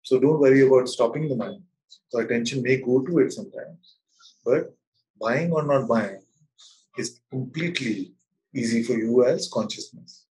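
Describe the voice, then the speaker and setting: A man leading a spiritual satsang over an online call, speaking gently and slowly with frequent laughter. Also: medium pitch, rough recording. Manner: gentle, slow and playful, laughs often. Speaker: spiritual teacher. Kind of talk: satsang talk. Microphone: video call.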